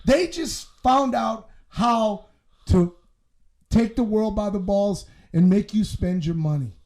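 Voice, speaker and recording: A man's voice: high-pitched, slow, a little mellow. A man co-hosting a casual podcast, blunt and profane, telling stories with lots of animation. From Southwest Detroit. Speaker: podcast co-host.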